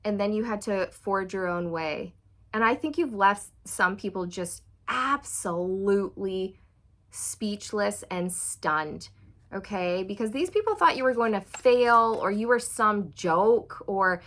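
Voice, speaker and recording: Excitable woman doing a tarot reading. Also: medium pitch, unhurried. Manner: excitable, breaks into squeals and laughter; encouraging, talks straight to the viewer. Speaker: tarot reader. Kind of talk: channeled tarot reading to viewers.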